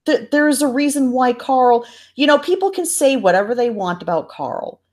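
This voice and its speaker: A woman's voice: sits high, expressive, moderate pace, darkish tone. A woman co-hosting a casual podcast chat, exasperated and swearing freely. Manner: exasperated, profane. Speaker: podcast co-host.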